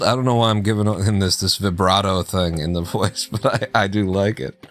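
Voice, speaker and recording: A man's voice: low voice, steady tone, moderate pace, a bit bright, no echo. A man chatting casually through live gameplay, joking, laughing and talking to himself as he plays. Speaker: streamer.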